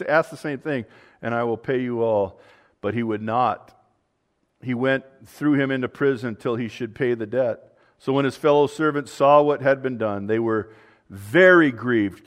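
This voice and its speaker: Earnest man preaching a sermon. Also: mid-range voice. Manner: earnest preaching, swings between loud emphasis and quiet asides. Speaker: pastor.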